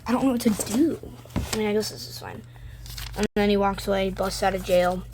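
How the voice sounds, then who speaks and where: A woman's voice: mid-range voice, noisy background. A young woman in a casual show-and-tell vlog, rambling and chatty as she describes her own comics at home. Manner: rambling, chatty, reads her own comics aloud with quick silly voices. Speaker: vlogger showing her drawings. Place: home room, lights turned down.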